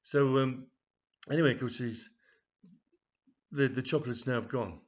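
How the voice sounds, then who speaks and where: A man's voice: mid-range voice, a little slow. A storyteller with a middling voice rambles happily through a comic tale, scattering fillers and asides as he goes. The recording sounds dull and lo-fi, without much top end. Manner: rambling, with frequent fillers and "of course". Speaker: author reading his own comedy story. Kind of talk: storytelling, loose and conversational.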